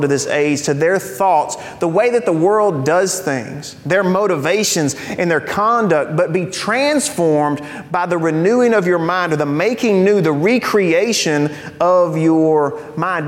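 Man, pastor, sermon, high-pitched voice, conversational with joking asides, long hall reverb. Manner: slows down to stress key phrases.

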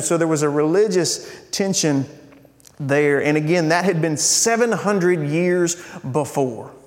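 Conversational preacher in a reverberant hall. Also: male voice, on the high side. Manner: conversational, repeats words, rhetorical "right?". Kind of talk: sermon.

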